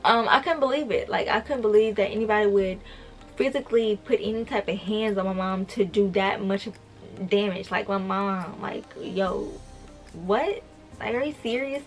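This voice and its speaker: A young woman tells a storytime story to her viewers, cursing freely and speaking bluntly. Her voice sits at a middling pitch, and soft music plays faintly behind her. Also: moderate pace. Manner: profane, blunt, talks straight to viewers. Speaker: vlogger. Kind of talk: storytime vlog.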